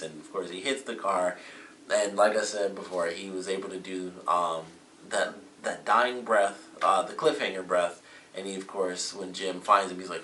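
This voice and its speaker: Low-voiced dude rambling thru a tv episode review, kinda bright edge, sounds far from the mic. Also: male voice, fairly even intonation, normal speed, slight background noise. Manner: rambling, with many fillers and self-corrections. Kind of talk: casual solo review. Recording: roomy echo, mic at a distance.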